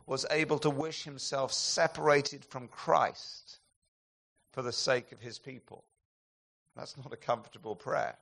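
A man preaching a sermon, telling stories with sweeping swings between loud, emphatic peaks and hushed, slowed passages. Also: medium pitch.

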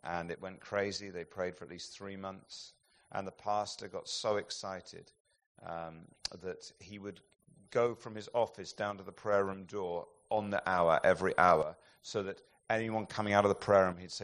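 A man preaching a sermon, telling stories with sweeping swings between loud, emphatic peaks and hushed, slowed passages. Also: sits low, steady tone.

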